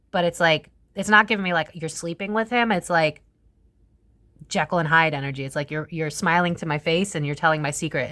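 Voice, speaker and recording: Low-voiced woman giving a rambling tarot reading. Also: a bit bright. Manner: profane, rambling, laughs often. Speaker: psychic tarot reader. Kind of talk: casual tarot reading monologue.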